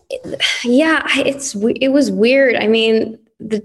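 A woman's voice: fairly high pitch, slow, a little hiss or hum. A woman guest in a roundtable conversation, chatty, laughing often and stumbling over her words. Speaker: actress guest.

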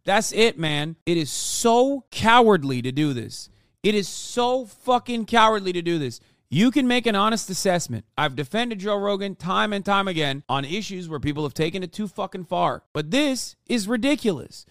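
A man in his thirties streaming, reacting to a video with an angry, profane rant that bursts into shouts. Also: sits high, lively intonation, moderate pace, no room sound, studio quality. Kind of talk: ranting reaction commentary.

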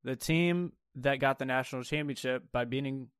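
A man's voice: medium pitch, normal speed, clean tone, no echo. A young man hosting a casual sports talk show, laid-back and often laughing, with a dry close sound. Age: young adult. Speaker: podcast host.

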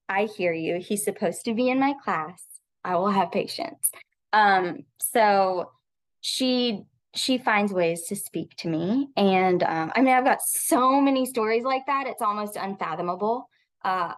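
A woman in her thirties, a teacher and podcast guest, telling a personal story in an earnest, heartfelt way with frequent pauses and ums. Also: mid-range voice. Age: 30s.

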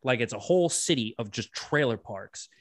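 A man from Massachusetts in casual podcast chat, swearing freely and telling animated stories. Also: mid-range voice, normal speed. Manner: swears freely, laughs often, animated storytelling.

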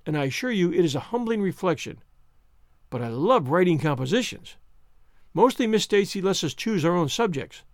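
A man voicing a chatty, dreamy, excitable orphan girl in a storybook reading, speaking in a gushing, romantic way. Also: high-pitched, dry recording, studio quality.

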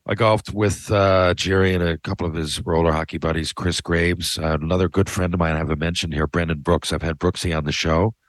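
A low-voiced middle-aged man rambling through a story on his podcast, swearing freely and cutting himself off to circle back. The sound is close and dry, with no room around it. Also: no echo. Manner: rambling, profane, self-interrupting. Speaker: podcast host. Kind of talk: casual storytelling.

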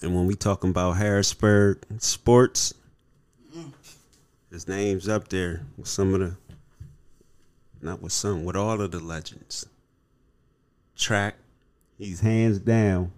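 A man's voice: low voice, fairly even intonation, slow, pauses often, darkish tone. A man hosting a casual podcast, talking loose and slangy, swearing and laughing easily. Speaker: podcast host.

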